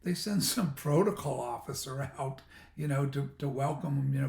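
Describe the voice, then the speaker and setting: A man's voice: mid-range voice, moderate pace, vocal fry, darkish tone. A man giving rambling, sarcastic commentary while reading a news article aloud, often restarting and stammering. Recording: echoey room.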